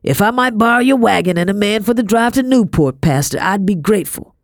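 A woman's voice: medium pitch, animated, brisk, no echo, clean studio sound, pitched above the performer's own voice, close to an everyday voice. A woman reading a storybook, voicing a harsh grown man who owns slaves and speaks in curt commands. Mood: cold, commanding.

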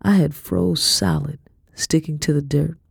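A woman reading a first-person storybook, earnest and quietly tense, sometimes dropping to a whisper. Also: sits low, fairly even intonation, a little slow, vocal fry, breathy edge, no echo, studio quality. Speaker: audiobook reader.

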